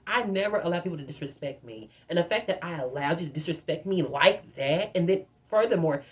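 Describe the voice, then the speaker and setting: A woman's voice: lowish voice, expressive, fairly quick. A young woman vlogger telling a dramatic, profane storytime straight to her viewers. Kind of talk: casual storytime.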